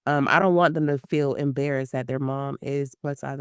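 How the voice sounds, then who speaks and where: This guest is a woman in her thirties awaiting surgery, sharing a personal story in an interview. Her bass voice is smooth and at normal speed, recorded dry and clean in a studio, while her storytelling is animated, filler-heavy, and full of acted-out quotes.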